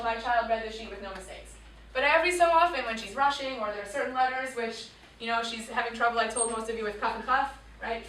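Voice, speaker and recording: Lady teacher telling a story to students, kinda high voice, sounds far off in a roomy hall. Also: slight background noise. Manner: animated storyteller, acts out voices, drops to quiet tones. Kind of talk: storytelling talk to a school audience. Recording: echoey room picked up from far off.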